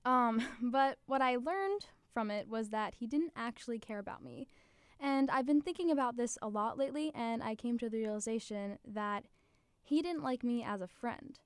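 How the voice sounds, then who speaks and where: A teenage girl hosting a podcast in a chatty, confiding, upbeat way. Her voice sits a little high and sounds smooth and clear, recorded dry with no room sound. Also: normal speed, dry recording. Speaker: podcast host. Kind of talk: scripted podcast monologue.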